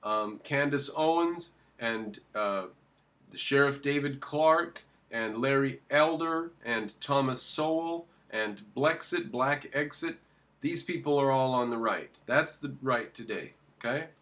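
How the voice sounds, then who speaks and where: Male commentator reacting to a clip, mid-pitched, emphatic, answers his own rhetorical questions. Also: takes it slowly, fairly bright tone. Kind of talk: opinionated commentary.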